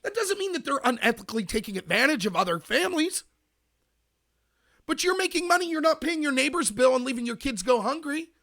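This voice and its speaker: A man's voice: very high voice, very animated, a little fast, bright, forceful tone. An American man hosting a political commentary show, ranting emphatically and answering his chat. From United States. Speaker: podcast host.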